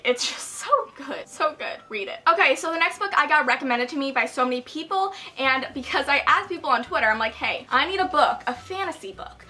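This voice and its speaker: A woman's voice: high voice, pushed and bright. A young woman talking casually in a vlog, gushing about books with bubbly asides. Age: young adult. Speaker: book vlogger. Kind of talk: casual book haul vlog.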